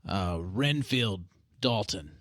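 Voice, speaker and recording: A man with a low voice runs a tabletop game, pausing often and filling gaps with uhs. The sound is dry and close, with no room around it. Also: expressive, fairly bright tone, no echo. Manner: hesitant, many fillers. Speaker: game master.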